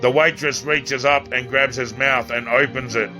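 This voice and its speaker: A man's voice: medium pitch, fairly even intonation, music in the background. A man reading his own novel aloud as an amateur audiobook, stumbling and restarting lines now and then. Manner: halting reading with restarts and slips.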